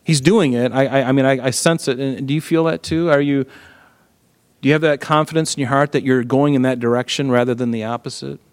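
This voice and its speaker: A man's voice: medium pitch, fairly even intonation, a little fast, smooth. A man teaching through a Bible passage in a casual, earnest way, often checking in with listeners. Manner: earnest, frequent "right?" asides and restarts.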